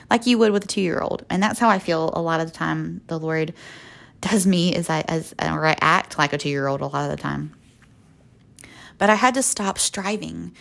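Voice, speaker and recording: A woman's voice: fairly low pitch, vocal fry. A young woman speaking earnestly and folksily as the host of a faith podcast. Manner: earnest, folksy, with soft laughs.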